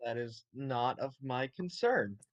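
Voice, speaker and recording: A man's voice: mid-range voice, lively intonation, takes it slowly, muffled recording. A man playing a tabletop game, stating his actions in a blunt, matter-of-fact way. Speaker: player. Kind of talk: tabletop play.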